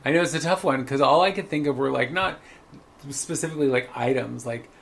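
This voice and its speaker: A man co-hosting a podcast, chatting casually and telling animated stories. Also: mid-range voice, a little fast, creaky. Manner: chatty storyteller, animated when quoting. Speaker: podcast co-host. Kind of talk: casual chat.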